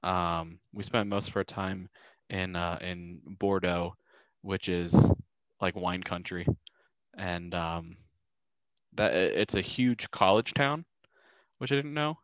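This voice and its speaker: A man's voice: deep voice, fairly even intonation, slow, a bit bright, clear, resonant tone, dry recording. A man chatting casually and telling rambling stories, with many ums and uhs. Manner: rambling storyteller, many ums, acts out quotes. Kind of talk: casual chat.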